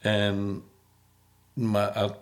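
A man's voice: fairly low pitch, monotone, very slow. A middle-aged man, hosting a podcast in a folksy, rambling, self-deprecating way. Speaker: podcast host. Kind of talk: casual interview chat.

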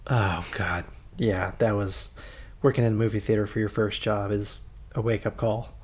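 A young man in casual podcast conversation, relaxed and agreeable, laughing easily. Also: fairly low pitch, moderate pace. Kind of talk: casual chat.

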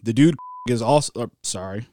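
A man's voice: medium pitch, moderate pace, warm tone, no room sound, clean studio sound. A man casually telling a long story on a podcast, swearing and laughing along as he goes. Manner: laid-back storyteller, swears, laughs at his own stories. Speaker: podcast co-host.

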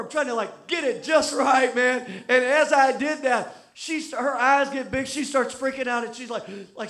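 A man preaching. His voice sits high for a man, and he mixes self-deprecating anecdotes with emphatic, repeated lines of sermon. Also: normal speed, few pauses, fairly bright tone. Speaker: pastor.

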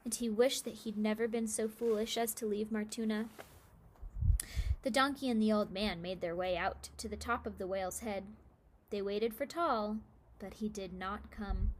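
A woman reading a children's story aloud with steady, expressive narration. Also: medium pitch, moderate pace, slight background noise.

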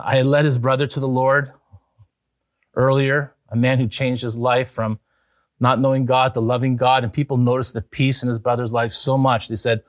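A man preaching an evangelistic sermon as pastor, telling a story in an earnest way that rises to excited emphasis. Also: medium pitch, no room sound, clean studio sound.

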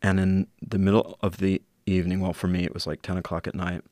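A middle-aged man telling a personal story in an earnest, reflective way, slowing down at key moments. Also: low voice, little pitch movement, a little mellow, no room sound. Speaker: interview guest.

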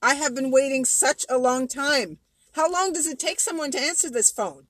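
A woman as an angry customer, fed up and stammering, a bit high-voiced. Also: normal speed, dry recording, close to an everyday voice. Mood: exasperated. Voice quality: exasperated, stammering complaints. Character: irate female customer stuck on hold.

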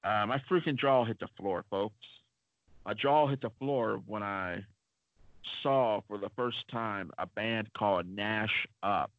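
Speaking unhurriedly in a lowish voice, this male podcast co-host spins casual, rambling stories packed with filler words. The audio sounds dull, dry, and lo-fi.

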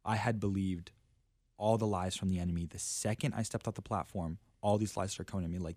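Low-voiced young man, earnest storyteller. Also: steady tone, fairly quick, darkish tone, dry recording. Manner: earnest storytelling, heavy use of "like" and "literally". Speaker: guest, traveling preacher. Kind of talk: casual faith podcast conversation.

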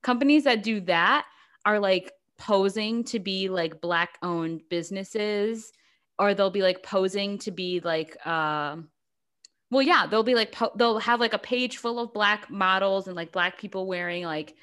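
A woman co-hosting a podcast, chatting casually and reacting with animated disbelief. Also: mid-range voice, unhurried. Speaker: podcast co-host. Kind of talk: casual chat.

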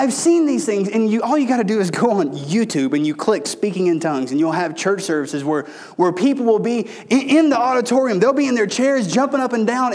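A man's voice: sits high, darkish tone. A man preaching a sermon as a pastor, telling personal stories in a folksy way and calling his listeners folks. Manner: folksy storytelling, addresses congregation as folks.

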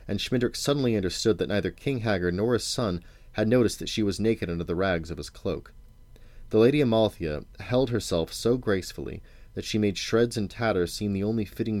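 Deep-voiced father reading a novel aloud. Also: a little mellow, dry recording. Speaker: parent reading to his children.

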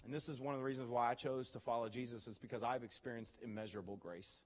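A man preaching a sermon as pastor, telling stories with animated, acted-out reactions. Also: mid-range voice, quick pace, in a large hall. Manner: animated storytelling, acts out his own reactions.

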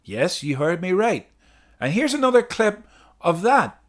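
A male podcast host with a somewhat high voice that rises and falls a great deal. He talks earnestly and explains things to his listeners. He repeats key phrases to stress them. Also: big pitch swings, measured pace. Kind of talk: podcast commentary.

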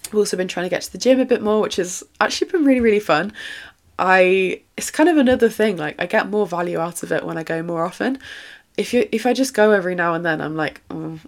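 A woman in her twenties, slightly husky, chatting casually and rambling a little as she hosts her solo podcast. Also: mid-range voice, fast. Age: 20s. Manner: chatty, rambling, frequent fillers. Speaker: podcast host.

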